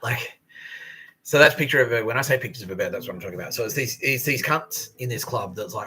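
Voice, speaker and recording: A man's voice: mid-range voice, fast talker, pushed and bright, slight background noise, rough recording. A man, hosting a podcast and telling stories in a profane, aggrieved rant. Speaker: podcast host. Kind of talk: casual monologue storytelling.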